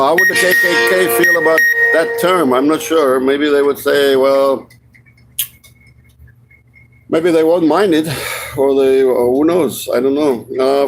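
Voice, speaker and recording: A man's voice: fairly high pitch, background noise. A man vlogging in a rambling, casual monologue, swearing freely and often restarting his sentences. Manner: meandering, profane, many restarts.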